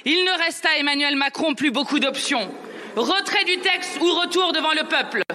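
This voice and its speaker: A man's voice: very high voice, expressive, brisk, bright, forceful tone, slight background noise. A man giving a declamatory parliamentary speech, hammering a repeated refrain. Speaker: member of parliament.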